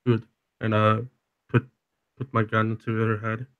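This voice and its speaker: A man's voice: fairly low pitch, monotone, a little slow. A man playing his character in a tabletop game, with a dry, blunt delivery. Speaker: player. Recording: dull lo-fi sound.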